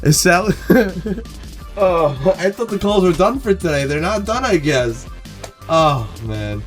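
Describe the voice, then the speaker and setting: A man taunting someone on a phone call in a calm, mocking manner. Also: high voice, slow, faint music behind. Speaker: phone caller.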